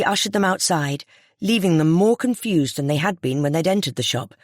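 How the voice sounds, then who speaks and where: A narrator reading a cozy mystery audiobook in a steady, even storytelling voice. The pitch sits in a middle range, and the recording is close and dry with no room sound. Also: normal speed, dry recording.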